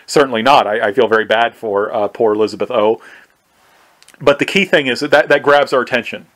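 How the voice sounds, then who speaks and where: A man's voice: mid-range voice, a little fast, a bit bright. A man giving a conversational recorded history lecture, often asking "right?" and restarting his sentences. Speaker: history professor.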